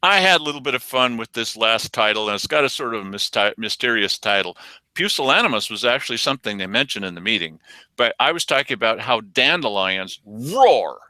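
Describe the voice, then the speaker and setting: A man's voice: lowish voice, expressive, fairly quick, pushed and bright, no echo. A man hosting a local news commentary show, talking casually and quoting people in mocking voices.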